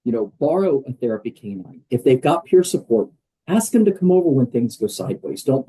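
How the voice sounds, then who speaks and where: An older man with a very dark, husky voice, talking in an emphatic and conversational way. He is a guest on a podcast interview and keeps slipping in fillers as he makes his points. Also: mid-range voice, very animated, a little fast, poor audio. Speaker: guest, wellness program leader.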